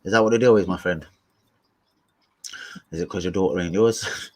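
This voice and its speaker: A man's voice: sits low, normal speed, pauses often, husky. A young man hosts a live stream. He chats in a slangy, profane style and trades insults with trolls in the chat.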